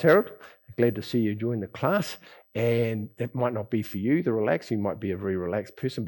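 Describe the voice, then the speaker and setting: Husky low-voiced male qigong teacher. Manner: easygoing, rambling, lots of sighs and soft chuckles. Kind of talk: relaxed spoken class talk. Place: lives in Bali.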